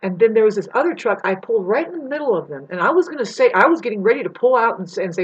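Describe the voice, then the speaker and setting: A woman talks straight through a long personal story, circling back and restarting as she goes. Her voice is husky and sits a bit high. She swears freely and jumps into loud, exaggerated voices when she quotes the others. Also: sing-song, racing, hardly any pauses, muffled recording. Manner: rambling, swears, acts out the people in her story with big voice swings. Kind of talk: casual storytelling monologue.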